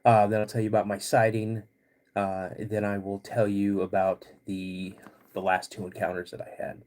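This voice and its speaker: A man in his fifties hosting a live podcast stream, greeting chat viewers by name in a halting way while getting over a cold. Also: lowish voice, completely flat delivery, a little mellow. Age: 50s. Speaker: podcast host.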